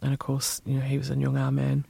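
A man's voice: medium pitch, fast talker, creaky, breathy edge, dry recording. A middle-aged man from Perth with an Australian accent, telling stories expressively in an interview. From Perth, Western Australia. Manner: expressive, animated storyteller. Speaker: musician, former journalist. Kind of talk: interview storytelling.

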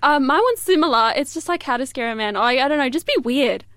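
A woman's voice: sits high, animated, fast talker, fairly bright tone, no room sound, studio quality. A young woman in casual chat, rambling and giggly, full of fillers and restarts.

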